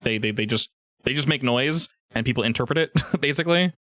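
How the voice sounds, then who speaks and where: A man's voice: medium pitch, fast, sharp tone, no room sound, studio quality. A man narrating as game master in a rambling, laughing way with many restarts.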